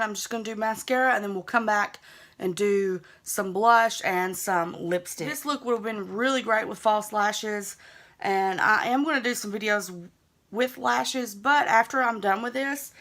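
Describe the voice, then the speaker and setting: A woman's voice: a little high, bright, forceful tone. A young woman with a Southern US accent, chatting easygoing and self-teasing as she narrates a makeup tutorial. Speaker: beauty vlogger.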